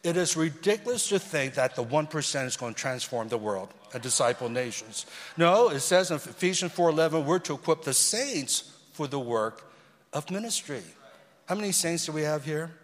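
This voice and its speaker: A man preaching a sermon as a guest speaker, swinging between loud emphasis and quiet asides. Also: on the high side, expressive, moderate pace. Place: church sanctuary. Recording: long reverb of a large hall.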